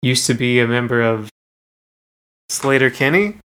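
A man's voice: medium pitch, unhurried, pushed and bright, clean tone. A man co-hosting a casual music podcast, talking in an easygoing, hesitant way. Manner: easygoing, hesitant, with frequent ums and laughs. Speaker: podcast co-host.

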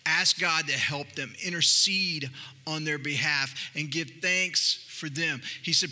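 Male pastor with a Texas accent, bright and forceful tone, slightly high voice, conversational sermon delivery that rises to emphatic points. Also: a little slow. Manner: conversational preaching, rising to emphatic. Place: church sanctuary.

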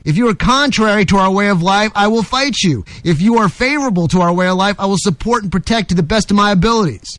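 A man's voice: high voice, no echo. A man hosting a talk radio show, delivering an emphatic, combative opinion monologue.

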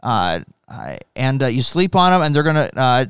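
A man's voice: medium pitch, very animated, fairly bright tone, clean tone, no echo, studio quality. A man co-hosting a sports podcast, casual chat with frequent fillers and restarts. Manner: halting, many fillers and restarts. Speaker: podcast co-host.

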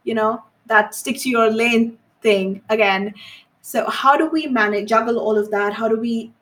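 A woman hosts a podcast and asks her guest thoughtful questions. Her voice sits a little high, and she sounds slightly distant from the microphone. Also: fairly even intonation, normal speed, a bit bright. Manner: thoughtful, sums up the guest's points. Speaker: podcast host. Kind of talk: interview questions, casual chat.

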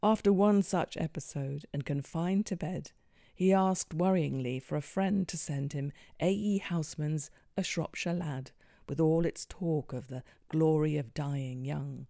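A presenter reading a measured, formal scripted narration. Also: medium pitch, creaky, dark tone, no room sound, studio quality.

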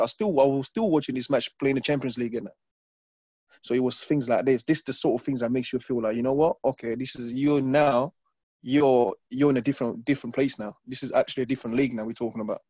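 A man from London, a former footballer, telling stories in an interview, animated and repeating phrases as he acts out his past self. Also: medium pitch, breathy edge, no echo. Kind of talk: casual interview storytelling. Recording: dull lo-fi dry sound.

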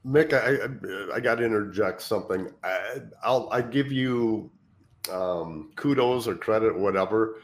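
A man's voice: on the low side, measured pace. A man co-hosting a casual podcast, speaking candidly with frequent restarts and easy laughter. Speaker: co-host and former wrestler.

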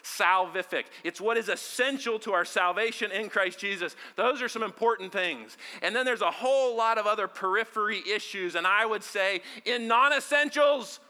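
A man delivering a sermon at a church service, his voice pitched high and ringing with a sharp, forceful edge. He drops to a hush one moment and surges to loud emphasis the next, and he calls on the congregation to answer back. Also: normal speed, hardly any pauses, clear, resonant tone. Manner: swings from hushed near-whispers to shouted emphasis; leads the congregation in call-and-response. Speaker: pastor.

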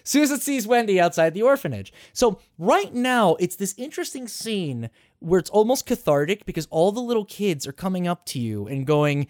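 A man's voice: sits high, expressive, normal speed, hardly any pauses, a little mellow, dry recording, studio quality. A man hosting a podcast, recapping a game in casual chat, swearing freely, laughing often and rambling with restarts. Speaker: podcast host.

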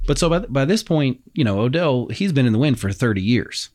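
A man's voice: medium pitch, big pitch swings, fairly quick, darkish tone. Chatty man retelling a crime story. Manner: chatty, acts out quotes, loose restarts. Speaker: podcast co-host telling the case. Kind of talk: casual true-crime storytelling.

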